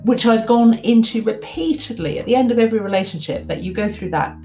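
A woman's voice: mid-range voice, a little fast, gravelly, hardly any pauses, faint music behind. A woman in her forties, candid and reflective, telling a personal story and acting out the things she once told herself. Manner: candid, reflective, animated when quoting her past self. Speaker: speaker.

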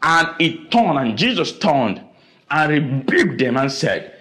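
Dramatic, lively preacher. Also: male voice, takes it slowly. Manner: dramatic preaching with sudden high exclamations and repetition. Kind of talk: sermon.

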